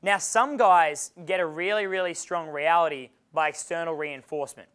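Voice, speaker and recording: A man's voice: a little high, moderate pace, a bit bright, clear, resonant tone. A male dating coach giving a live seminar lecture to an audience. He speaks casually and bluntly, swears often, and chuckles between points.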